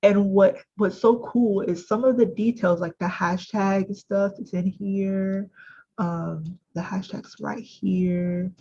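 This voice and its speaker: Slow, chatty woman trainer. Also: medium pitch, steady tone, dark tone, muffled recording. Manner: chatty, self-correcting, many fillers. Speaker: software trainer. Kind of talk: screen-share tutorial.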